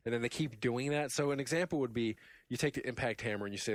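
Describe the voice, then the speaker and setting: A man in casual podcast chat who tells his gaming stories with plenty of laughter. He bursts into loud imitations of game taunts and then drops back to easy talk. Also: medium pitch, fairly even intonation, fast talker, no echo. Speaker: podcast host.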